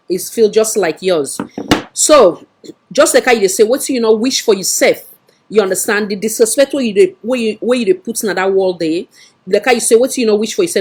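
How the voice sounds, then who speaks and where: A woman's voice: mid-range voice, a little mellow, husky. A woman with a Sierra Leonean Krio accent giving scolding political commentary on a livestream, firing off rhetorical questions.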